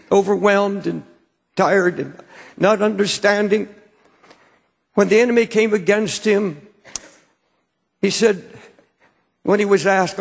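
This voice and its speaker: High gravelly preacher guy, husky, big hall echo, keeps stuttering repeats. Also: slow pace, pauses often. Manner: repeats words when stirred, stammering restarts. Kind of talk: sermon. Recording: long hall reverb.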